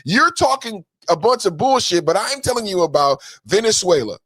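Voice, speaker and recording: High-voiced man ranting emphatically. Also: sing-song, normal speed, fairly bright tone, slightly rough, no echo. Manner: emphatic, taunting, sing-song jabs. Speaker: podcast host. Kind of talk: political commentary rant.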